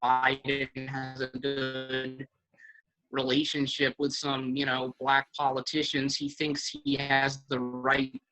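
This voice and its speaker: A bright-voiced man talks as a guest on a casual podcast. He works through his thoughts out loud, hesitating often and falling back on filler words. His pitch sits in a middle range. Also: monotone, slow pace, soft background music, rough recording. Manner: hesitant, many fillers, thinking aloud.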